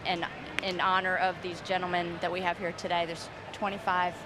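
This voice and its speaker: A woman's voice: lowish voice, flat delivery, moderate pace, very noisy. A woman who founded a charity, interviewed at a ballpark, speaking politely and informatively. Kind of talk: on-field interview.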